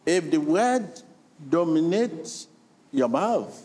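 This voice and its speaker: A middle-aged male pastor preaching a sermon in a slow, deliberate way, repeating phrases rhythmically and calling on the congregation to respond. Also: fairly high pitch, big pitch swings, warm tone, slightly rough.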